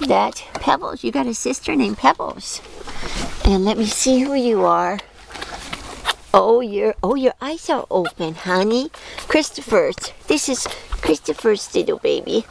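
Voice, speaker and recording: A woman with a slightly high, gravelly voice narrates a casual home video, filming on a handheld camera. She talks slowly in doting baby talk, and there is steady noise under the recording. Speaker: dog owner filming her litter.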